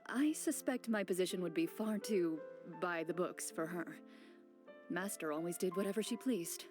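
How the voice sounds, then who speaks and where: Composed swordswoman for a game, voiced by a woman; low, measured and reserved. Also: over music, lightly acted. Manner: measured, reserved and quietly dry. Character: calm, composed female champion duelist. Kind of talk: game voice acting.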